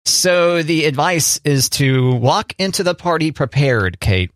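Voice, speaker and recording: A man's voice: fairly high pitch, animated, measured pace, fairly bright tone, no room sound, studio quality. A man co-hosting a casual chat show, easygoing and jokey, who laughs often. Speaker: co-host.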